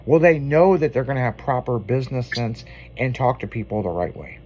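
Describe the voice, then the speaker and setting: Hosting an afternoon radio show from the studio, a man trades casual banter and tells loose, profane stories with laughs. His medium-pitched voice is animated, a little fast, and darkish in tone, with a little hiss or hum in the recording.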